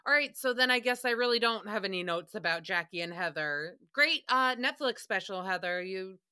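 A woman hosting a podcast, recapping a radio show in a casual, sarcastic and profane way, often breaking into loud laughs. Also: mid-range voice, lively intonation, normal speed, smooth, dry recording, studio quality.

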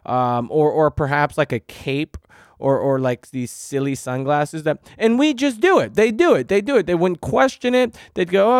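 A man's voice: a little high, lively intonation, moderate pace, clean tone, dry recording, clean studio sound. A man hosting a podcast, ranting in an agitated, profane monologue. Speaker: podcast host.

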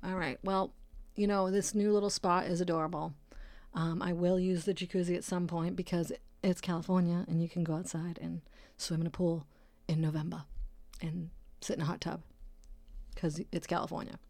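A woman podcaster from Massachusetts talks in a loose, rambling way, swearing and joking as she goes. Her voice sits fairly low for a woman. The recording is dry and close, with no room sound. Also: little pitch movement, normal speed, a little mellow, no echo. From Brockton, Massachusetts, USA. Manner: rambling, profane and jokey. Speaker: podcast host; nurse. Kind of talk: casual solo podcast chat.

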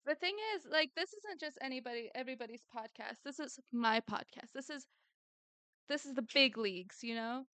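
A woman's voice: high-pitched, moderate pace, pushed and bright, clean tone, no echo. A woman co-hosting a podcast in casual chat, playful and giggly, teasing her co-host.

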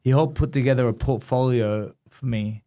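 A man's voice: mid-range voice, moderate pace. A man, a former boxer telling his story in a casual interview and acting out the voices in it. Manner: animated, acts out quoted voices.

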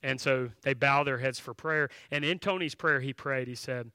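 A man's voice: medium pitch, normal speed, hardly any pauses, pushed and bright, smooth, dry recording. A man preaching a sermon, telling a story in a conversational way and then making direct, emphatic appeals to the congregation. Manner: conversational, with filler words and restarts while telling a story. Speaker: pastor.

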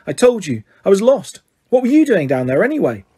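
An earnest, flustered young wizard boy from a storybook, hurried and defensive, as a man reads him aloud. The voice has a husky grain and sits fairly high. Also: big pitch swings, warm tone, exaggerated voice.

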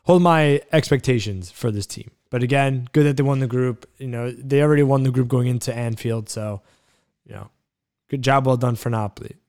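A man's voice: medium pitch, fairly quick, darkish tone. A man co-hosting a casual sports podcast, thinking aloud and searching for words as he talks. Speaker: podcast co-host. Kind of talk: casual chat.

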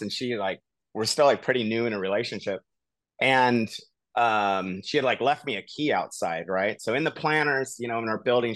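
A man co-hosting a podcast, telling a long personal story in a casual, animated way full of "like" and "you know.". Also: mid-range voice, no room sound. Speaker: podcast co-host.

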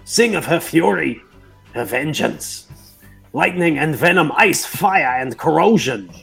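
A man's voice: mid-range voice, a little fast, slightly rough, soft background music, voice pushed up, natural voice. A man voicing a prickly, sarcastic male goblin scholar who takes offense easily. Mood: declaiming. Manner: exasperated, sarcastic, huffy.

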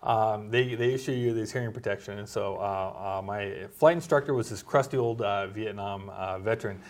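A man, a doctor co-hosting a casual medical chat, talking in a relaxed, halting way with many fillers. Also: lowish voice. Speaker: doctor and co-host.

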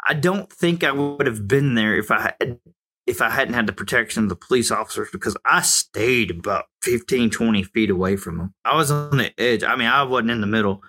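A man's voice: mid-range voice, fairly quick, pushed and bright, breathy edge. A man in his forties from the United States, giving an emphatic, opinionated monologue that rises to heated outbursts. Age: 40s.

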